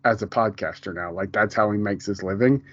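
This podcast co-host talks a little fast in a lowish voice with a fairly bright tone, chatting casually about a TV show. Rambling, frequent restarts and plenty of laughter mark his delivery. The recording is dry, dull and lo-fi, made at home.

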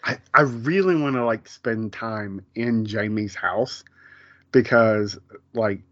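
A man's voice: fairly low pitch, slow, a bit bright, dry recording, muffled recording. A man co-hosting a podcast, chatting casually in a rambling way with many fillers and restarts. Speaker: podcast co-host. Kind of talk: casual chat.

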